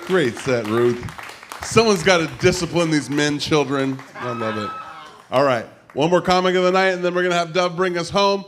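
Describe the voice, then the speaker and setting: A man's voice: a little high, normal speed. A man hosting an open mic, bringing comics on stage with upbeat hype. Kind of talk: introducing comics. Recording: noisy club with crowd.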